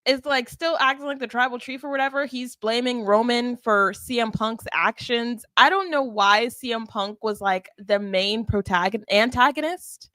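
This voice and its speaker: Bright-voiced woman chatting casually. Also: fairly high pitch, moderate pace, hardly any pauses, no echo. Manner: chatty, animated retelling with quoted asides. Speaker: podcast co-host. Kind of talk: casual chat recapping wrestling.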